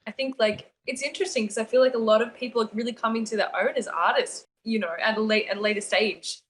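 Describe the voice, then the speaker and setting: A woman's voice: a little high, steady tone, fast, fairly bright tone. A young woman, a singer-songwriter guest, chatting casually and giggling with lots of fillers. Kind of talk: casual chat.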